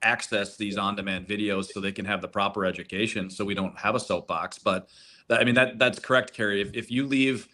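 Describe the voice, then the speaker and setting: Bright-toned persuasive gold consultant, a man. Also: lowish voice, steady tone, fairly quick. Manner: persuasive, repeats words as he starts sentences. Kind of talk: webinar presentation.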